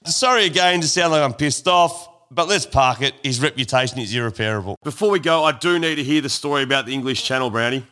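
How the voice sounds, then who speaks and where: A man's voice: medium pitch, fast, few pauses, bright, forceful tone. An Australian man in his thirties hosting a podcast, reading an email aloud and ribbing his guest in casual banter. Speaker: podcast host.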